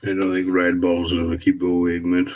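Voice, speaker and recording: A man's voice: sits low, monotone, a little fast, highs cut off. A man hosting a casual livestream, chatting laid-back with viewers, swearing freely and calling them mate and bud. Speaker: livestream host. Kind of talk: casual live chat with viewers.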